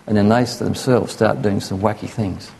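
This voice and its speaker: A man's voice: fairly low pitch, fairly even intonation, normal speed, gravelly, darkish tone, slight background noise. A man preaching a sermon in an earnest, conversational way, sometimes acting out the voices of people he quotes. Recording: echoey hall.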